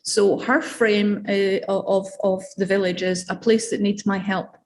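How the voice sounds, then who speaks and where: Scottish lady academic giving a seminar talk, relaxed and chatty, lots of um and you know. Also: medium pitch, unhurried, slight background noise. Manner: conversational, with frequent fillers and asides. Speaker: academic lecturer.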